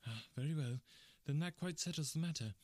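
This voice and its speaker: A man voicing a jovial, pushy middle-aged gentleman who wheedles and insists. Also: a little high, brisk, no room sound, natural voice. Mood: insistent.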